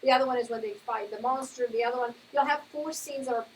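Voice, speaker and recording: Encouraging woman instructor, higher voice. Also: steady tone, fast talker, a little hiss or hum, poor audio. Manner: encouraging, asks if points make sense. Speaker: art instructor. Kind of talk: classroom critique.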